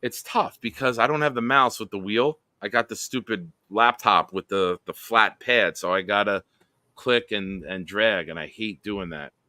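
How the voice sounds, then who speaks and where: A man's voice: lowish voice, moderate pace, pushed and bright, no room sound. A man hosting a casual live stream, reading viewer comments aloud and laughing often. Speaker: live show host.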